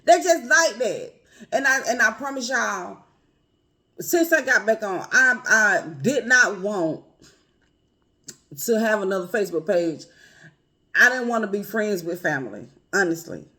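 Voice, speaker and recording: A woman's voice: medium pitch, animated, unhurried, pauses often. Earnest woman talking to her viewers. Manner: earnest, addresses viewers as y'all and family; grows quiet and emotional. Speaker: vlogger. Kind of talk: heartfelt personal talk to camera.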